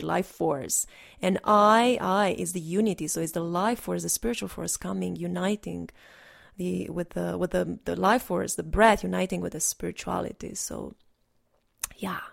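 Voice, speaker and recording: A woman's voice: on the low side, creaky. A woman energy healer in a casual, rambling monologue, earnest and instructive, with frequent restarts.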